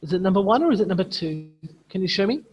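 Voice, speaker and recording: A man's voice: high voice, sing-song, fast, slightly rough, long reverb tail, lo-fi sound. A man running an online teacher training, demonstrating phonics sounds and chanting prompts as he would to young learners.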